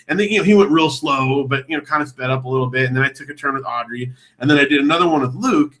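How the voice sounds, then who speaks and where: A man hosting a podcast, telling a story in casual chat, self-mocking and animated, jumping to a high voice for quotes. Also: fast talker. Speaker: podcast host.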